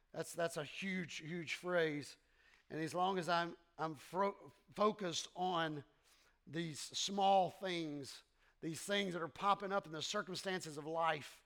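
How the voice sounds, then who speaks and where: A man preaching a sermon, animated and repetitive, leading the congregation in call-and-response in a church. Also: fairly high pitch. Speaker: pastor. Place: church sanctuary.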